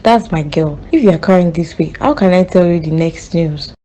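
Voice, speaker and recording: A woman's voice: fairly low pitch, normal speed, warm tone, lightly acted, rough recording. A woman voicing a comforting older mother figure in a cartoon, speaking soothingly. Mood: motherly.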